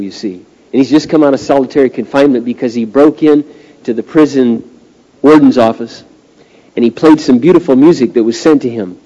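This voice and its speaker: A male pastor preaching a sermon, swinging from hushed, slow passages to loud, drawn-out climaxes. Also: mid-range voice, muffled recording. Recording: long reverb of a large hall.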